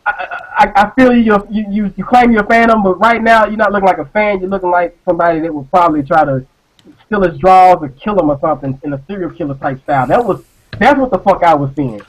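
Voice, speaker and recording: A man co-hosting an online live show, ranting in a casual, profane, animated way and often repeating words as he talks. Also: high voice, fast, poor audio. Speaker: podcast co-host.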